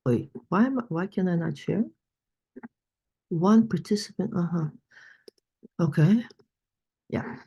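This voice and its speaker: A woman with a notably low voice leads a workshop over a video call. She talks in an encouraging, storytelling way and uses plenty of fillers as she goes. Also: takes it slowly, long pauses, warm tone, slightly rough. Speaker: money coach. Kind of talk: online workshop presentation.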